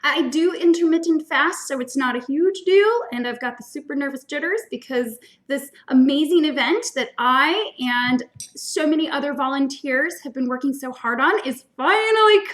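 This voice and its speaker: A woman's voice: high voice, animated, moderate pace, fairly bright tone. A woman hosting a casual livestream eating show, chatting in a bubbly, enthusiastic way. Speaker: host.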